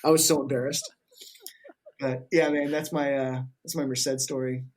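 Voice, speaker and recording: A man telling stories in casual podcast chat, profane and animated, acting out what others said. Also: medium pitch, moderate pace, slight background noise. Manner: profane, animated storyteller, acts out quotes. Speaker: podcast guest.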